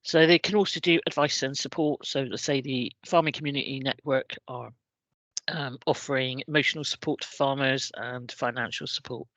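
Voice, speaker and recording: A woman's voice: extremely low pitch, fairly even intonation, moderate pace, fairly bright tone, no echo. Hesitant woman presenting, West Country accent. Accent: English West Country. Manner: hesitant, many ums and restarts. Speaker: civil contingencies officer presenting. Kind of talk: informal presentation talk. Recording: dry, dull lo-fi recording.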